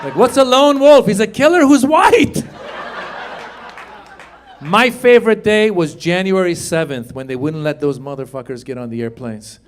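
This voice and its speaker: A man performing a stand-up comedy set, energetic, jumping to loud shouted punchlines and acted voices. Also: sits high, moderate pace. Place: comedy stage with a live audience. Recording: live club recording, audience laughter and faint noise.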